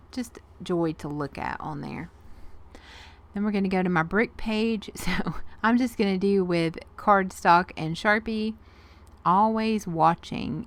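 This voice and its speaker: A woman, chatting folksily through her art journal pages as a craft vlogger and laughing often. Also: fairly low pitch. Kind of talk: casual craft narration.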